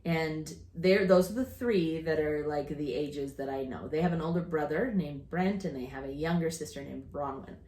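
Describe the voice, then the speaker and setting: A woman's voice: low voice, normal speed, few pauses, dark tone. A woman in her fifties, co-hosting a casual chat, telling rambling family stories with restarts and laughter. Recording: echoey room.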